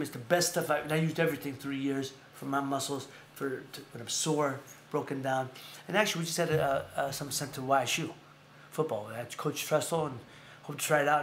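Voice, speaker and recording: A man's voice: medium pitch, fairly bright tone, a little hiss or hum. A man hosting a casual talk show, rambling and repeating himself as he plugs sponsors. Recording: echoey room.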